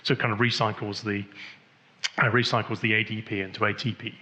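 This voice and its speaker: A man's voice: fairly low pitch, little pitch movement, fairly quick, bright, forceful tone. A man giving a technical conference talk, rambling with many restarts and fillers. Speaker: conference speaker. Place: conference hall.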